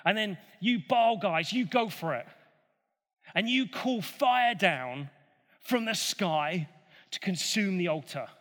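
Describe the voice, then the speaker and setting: A man acts out a bold, defiant male prophet of old, confident and a little mocking. The voice is high and bright, and it carries a long reverberant tail. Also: expressive, slow, full character voice. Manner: confident, teasing.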